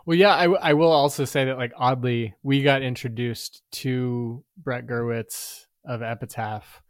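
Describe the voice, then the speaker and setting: A man's voice: mid-range voice, steady tone, a little slow, dry recording, studio quality. A man telling a rambling anecdote as a podcast guest, full of filler words and laughing as he goes. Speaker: musician guest. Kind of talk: casual podcast storytelling.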